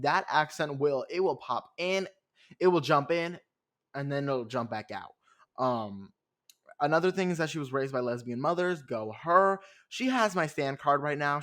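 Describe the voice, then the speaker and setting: A man's voice: mid-range voice, fairly bright tone. A young man hosting a podcast who recaps a reality show alone in a chatty, sarcastic way, full of fillers. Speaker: podcast host. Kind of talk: casual solo recap.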